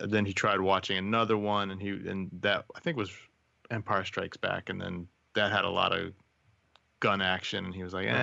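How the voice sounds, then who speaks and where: A man's voice: low voice, gravelly, sharp tone, no echo. A man co-hosting a podcast, speaking thoughtfully and hesitantly with many fillers. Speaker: podcast co-host. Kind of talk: casual chat. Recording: slightly dull, dry sound.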